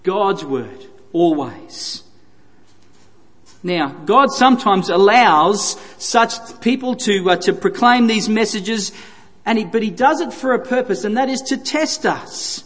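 A man's voice: very high voice, a bit bright. A man preaching a sermon, earnest and emphatic, repeating phrases for stress. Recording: reverberant hall.

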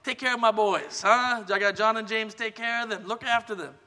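A man's voice: high voice, normal speed, pushed and bright, long reverb tail, voice pushed up. A man voicing a pushy mother pleading for her sons, in a brash put-on accent. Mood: pushy, wheedling.

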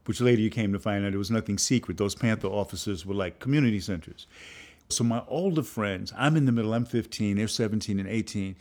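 A man's voice: fairly quick, darkish tone. An older man, a filmmaker and professor, telling a story and acting out the voices of people in it. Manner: acts out voices of people in his story, jumping high in pitch. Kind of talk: animated storytelling.

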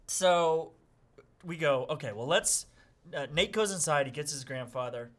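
A middle-aged man casually telling a story on a podcast, acting out the people he quotes with sudden loud outbursts. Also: a little high, animated, a little slow. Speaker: podcast guest.

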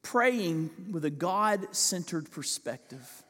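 A man preaching a sermon as pastor, impassioned, swinging from loud pleading to hushed asides. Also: high voice, animated, takes it slowly, in a large hall. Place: large church sanctuary.

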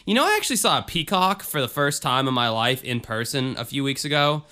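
Bright-voiced man in laid-back chat. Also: mid-range voice, big pitch swings, fairly quick. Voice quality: rambling, many fillers and restarts. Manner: laid-back, jokey, swears casually. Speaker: podcast co-host. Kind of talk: casual chat.

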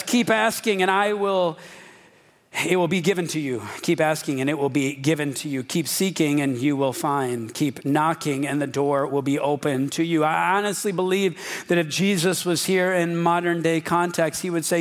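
Joking pastor preaching a sermon. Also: male voice, fairly high pitch, moderate pace. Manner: informal, joking, addresses the congregation directly.

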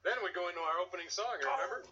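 A man's voice: high-pitched, very fast, sharp tone. An actor playing a cheerful middle-aged man joking with an old friend, heard as muffled TV sound. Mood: jovial. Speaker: sitcom character. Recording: muffled TV audio played from off.

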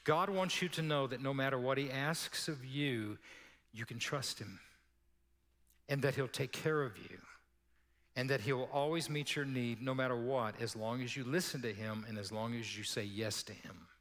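A man preaching to his church, telling a personal story in an easy, conversational way. His voice sits at an ordinary middle pitch, and he breaks into little laughs between lines. A long reverb trails off every phrase in the sanctuary. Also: normal speed, fairly bright tone. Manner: conversational, laughing asides, acts out quoted voices. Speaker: pastor. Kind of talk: sermon storytelling.

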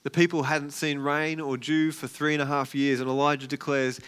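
A man's voice: on the high side, moderate pace, clear, resonant tone. A man preaching a casual, storytelling sermon as a pastor, acting out the characters' lines with energy. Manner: conversational, animated storytelling with acted-out quotes.

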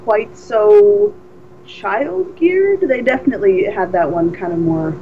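Animated woman telling a story, lo-fi sound. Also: medium pitch, slow pace, a little hiss or hum. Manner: animated storyteller, many restarts. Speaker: podcast co-host. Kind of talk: casual chat. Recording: dull lo-fi recording.

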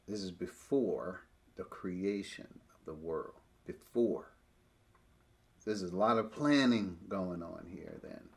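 A man teaching a Bible passage, explaining it step by step, reading verses aloud slowly, with frequent restarts. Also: deep voice, expressive, a little mellow. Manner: restarts and repeats words often.

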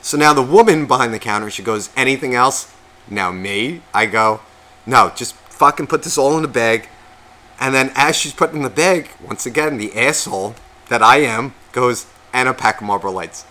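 A man's voice: medium pitch, normal speed, sharp tone. A man who is sick, telling a long profane, self-mocking story on a podcast and acting out what people said. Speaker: podcast co-host. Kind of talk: casual storytelling chat.

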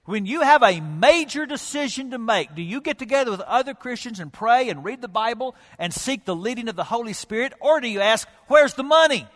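A male pastor preaching with rhetorical questions and dramatic pauses, sometimes dropping to a near whisper. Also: very high-pitched, animated, long reverb tail. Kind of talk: sermon. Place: church sanctuary.

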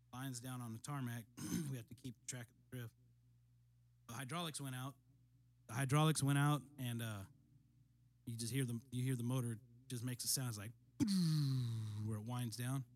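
Middle-aged man, calm matter-of-fact storyteller. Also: mid-range voice. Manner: steady, matter-of-fact, frequent throat clearing. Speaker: guest, military veteran. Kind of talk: casual storytelling.

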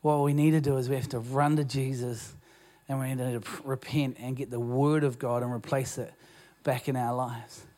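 A man's voice: mid-range voice, fairly even intonation, normal speed, few pauses, mellow. A man with a New Zealand accent preaching a sermon as pastor in a church, in a conversational, self-deprecating way with frequent restarts. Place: church auditorium.

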